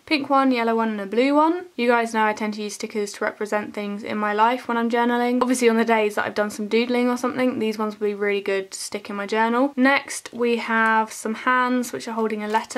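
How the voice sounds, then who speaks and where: A young woman narrating a casual haul vlog, chatty and gushing as she lists items one by one. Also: on the high side. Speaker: vlogger.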